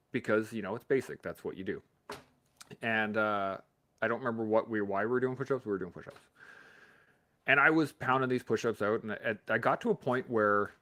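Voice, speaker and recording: A man from Canada hosting a live stream, telling a profane, animated story in a casual motivational way, laughing often. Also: medium pitch.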